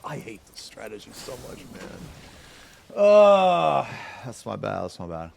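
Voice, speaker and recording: A man's voice: medium pitch, sing-song, unhurried, gravelly, a little mellow. A young man streaming a game, venting to his chat with a lot of swearing and repeating himself. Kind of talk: frustrated gameplay talk to stream chat.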